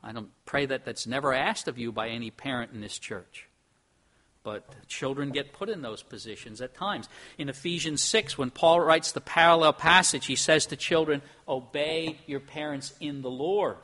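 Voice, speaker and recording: A middle-aged man preaching a sermon in an earnest, emphatic way, moving between soft and loud. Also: on the high side. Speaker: pastor.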